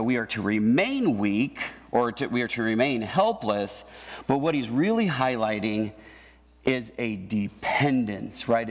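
A pastor giving a conversational sermon, often checking in with the congregation by asking "right?". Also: male voice, mid-range voice. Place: church hall with an audience. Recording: long reverb of a hall.

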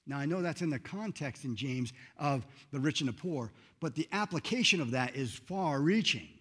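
A man's voice: on the high side, expressive, moderate pace, hardly any pauses, fairly bright tone. Earnest preaching man. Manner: earnest, emphatic preaching with rises and drops. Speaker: pastor. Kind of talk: sermon.

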